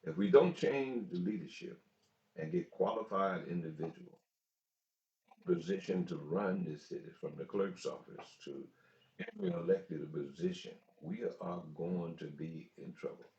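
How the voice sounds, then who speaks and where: A man hosts his talk show in a deep, gravelly voice, driving his points home again and again. His tone is dark and heavy. The recording sounds dull and echoey, as if made in a bare room. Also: lively intonation, normal speed. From United States. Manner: preachy, repeats points for emphasis. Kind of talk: political commentary monologue.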